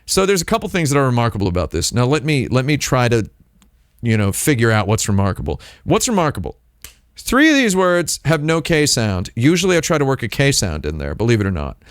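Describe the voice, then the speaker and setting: A man hosting a live stream, talking in a rambling, deadpan comedic monologue and playing with made-up words. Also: a little fast, no room sound, clean studio sound. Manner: deadpan, playful with invented words, lively pitch swings. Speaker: streamer host.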